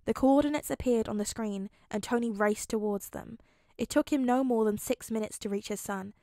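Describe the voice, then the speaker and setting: A woman narrating a fan fiction audiobook with clear, steady storytelling. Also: a little high, moderate pace, dry recording, studio quality. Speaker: podfic reader.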